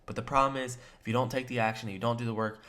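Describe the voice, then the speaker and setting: A man at a middling pitch, delivering a motivational coaching talk as a sales trainer. His delivery is direct and emphatic, speaking to the listener as "you". He drops into short acted examples with playful changes of tone. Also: steady tone, fast, bright, forceful tone. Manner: acts out short quoted lines with shifts in tone. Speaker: sales trainer and agency co-founder.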